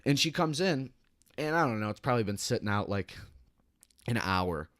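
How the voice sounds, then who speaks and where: A man's voice: mid-range voice, animated, moderate pace, a bit bright, no room sound, studio quality. A young man, telling a heated, profane work story as a podcast co-host. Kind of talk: casual podcast chat.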